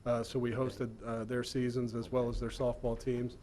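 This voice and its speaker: A man's voice: mid-range voice, monotone, moderate pace, warm tone. A man reporting to a city commission, polite and upbeat, with some hesitant fillers.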